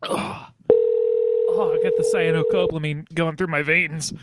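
High-voiced groaning male radio host. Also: normal speed, very noisy. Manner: groaning, excitable, repeats himself. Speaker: prank call radio show host. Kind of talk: casual live banter. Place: home studio. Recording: music playing behind.

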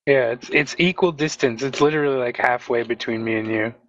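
A man's voice: medium pitch, fairly quick. A young man chats casually on a live stream, rambling and cursing with a dry, sarcastic edge. His voice sounds somewhat muffled, with heavy noise running underneath. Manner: rambling, swears freely, deadpan sarcasm. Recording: muffled audio with loud background noise.

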